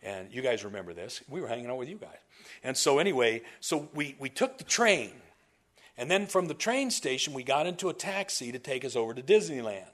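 A man preaching from the pulpit and telling stories to his congregation. His delivery is animated and conversational, full of asides and restarted sentences. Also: mid-range voice, fairly quick. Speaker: pastor. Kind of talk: sermon storytelling.

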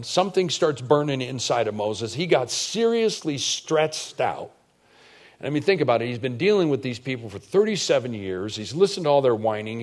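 A man preaching a sermon in an animated, conversational way, full of rhetorical questions. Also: mid-range voice. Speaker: pastor.

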